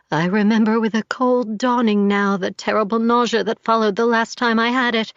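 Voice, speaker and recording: A woman narrating a first-person audiobook in an intimate, steady storytelling voice, on a slightly dull recording. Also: fairly high pitch, moderate pace, few pauses, no room sound.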